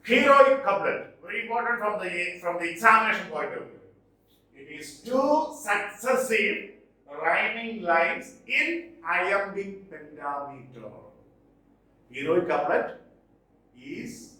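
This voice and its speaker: A man teaching a literature lesson, repeating key terms slowly and stressing what matters for exams. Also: high-pitched, big pitch swings, bright, forceful tone. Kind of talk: classroom lecture. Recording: echoey room, voice far from mic.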